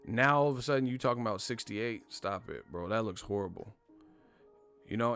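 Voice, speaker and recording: A man's voice: medium pitch, no echo. A man hosting a boxing channel, ranting in casual live-stream commentary with lots of slang and profanity. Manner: animated, profane, slangy rant.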